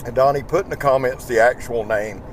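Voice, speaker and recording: Talking a little fast at medium pitch, a tired YouTube knife host with a Southern drawl chats from his pickup truck in a casual driving vlog. He rambles in a folksy manner, swearing freely, and the small in-truck mic picks up slight background noise.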